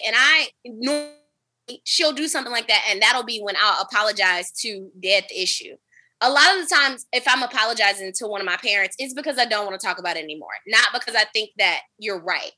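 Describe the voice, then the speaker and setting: A woman with a very bright, fairly high voice, spinning a story for her co-hosts. She talks in a lively, profane and dramatic way, with the feel of casual podcast chat. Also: a little fast. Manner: animated, profane, dramatic retelling. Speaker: podcast host.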